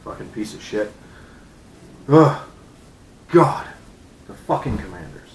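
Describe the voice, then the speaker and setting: A man in his thirties ranting angrily as a sports fan, profane and sarcastic, with loud outbursts. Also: fairly low pitch, animated, slow pace, reverberant, low-quality recording. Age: 30s. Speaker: vlogger. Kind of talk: angry sports fan rant.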